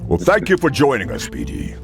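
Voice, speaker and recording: Animated joke-telling male podcast host. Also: mid-range voice, brisk, gravelly, music in the background. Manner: animated storyteller, laughs between lines. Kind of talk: comedic interview and joke telling.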